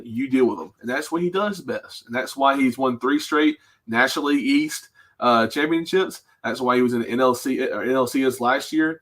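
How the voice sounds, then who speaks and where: A man's voice: medium pitch, fairly bright tone. Fired-up male sports talk co-host. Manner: fired-up ranting, rattles off stats. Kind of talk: casual sports talk show.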